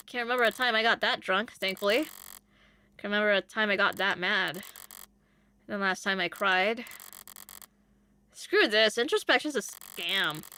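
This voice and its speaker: Bright, lively woman streamer. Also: mid-range voice. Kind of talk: reading a visual novel aloud.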